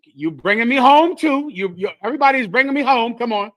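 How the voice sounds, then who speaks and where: A man's voice: very high-pitched, brisk, no room sound. A man teaching a scripture class to a live congregation, preaching with call-and-response and speaking straight to listeners. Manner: animated call-and-response, addresses listeners directly.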